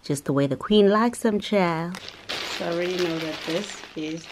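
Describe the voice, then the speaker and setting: A woman's voice: fairly low pitch, normal speed, background noise. A young South African woman vlogging in a sassy, dramatic way, tossing in "child" and "honey". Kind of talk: casual vlog chat.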